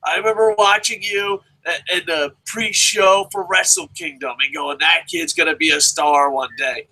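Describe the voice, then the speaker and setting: Bright-voiced man ranting passionately. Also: on the high side, moderate pace, rough recording. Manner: profane, impassioned ranting. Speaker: host. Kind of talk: wrestling preview chat.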